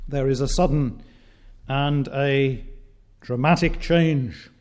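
A man preaching a sermon in a measured, declamatory way, with frequent "uh" pauses between phrases. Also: medium pitch, darkish tone.

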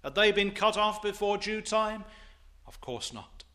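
A male preacher with a bright, ringing voice pitched a little high. He delivers an expository sermon, stacking rhetorical questions in old-fashioned, formal phrasing. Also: animated, unhurried.

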